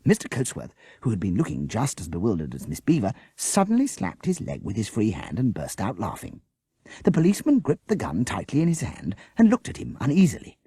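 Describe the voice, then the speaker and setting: Guy narrating a kids audiobook, breathy voice, dry close sound. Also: fairly low pitch, moderate pace, no echo. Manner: expressive, animated storytelling. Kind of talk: storybook reading.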